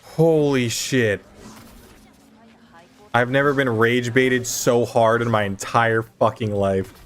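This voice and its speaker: A young man streaming a video game live, ranting in an excitable, profane, exasperated way. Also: medium pitch, a little slow. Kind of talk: live gameplay commentary.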